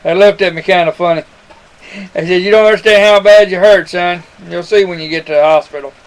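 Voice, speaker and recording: A man's voice: high voice, steady tone, a little fast, poor audio. A man telling a personal testimony to his webcam, rambling and earnest, calling the listener son. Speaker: webcam storyteller.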